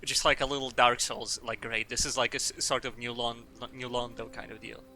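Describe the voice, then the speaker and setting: A man's voice: mid-range voice, flat delivery, brisk, sharp tone, a little hiss or hum. A man streaming a game, rambling and joking with casual swearing. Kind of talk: casual gameplay commentary.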